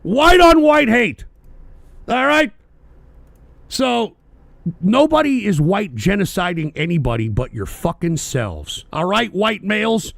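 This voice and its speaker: Man, very high voice, gravelly, profane angry radio host, shouting rants. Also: sing-song, unhurried, no echo. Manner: profane, ranting, often shouting. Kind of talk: angry political rant.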